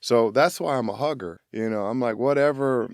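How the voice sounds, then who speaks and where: A man's voice: moderate pace, clear, resonant tone, no room sound, studio quality. A middle-aged man from Chicago, a voice actor guest on a podcast, telling his story candidly and acting out the people in it. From Chicago, USA. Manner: animated storyteller, acts out voices with big pitch jumps.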